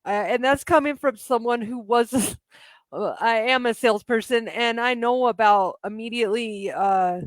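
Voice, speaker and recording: Lady doing live angel readings, kinda high voice, super dry sound, chatty and laughing a lot. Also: dry recording. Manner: chatty and encouraging, laughs often, slow and drawn out. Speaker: intuitive angel healer giving a live reading. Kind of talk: live-stream spiritual message, casual.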